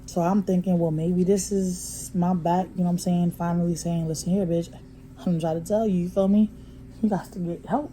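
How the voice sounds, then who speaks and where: A woman vlogger, telling a story in a blunt, profane way that moves from hushed to heated. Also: fairly low pitch, steady tone, normal speed, slight background noise, low-quality recording. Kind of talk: casual storytime vlog. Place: motel room.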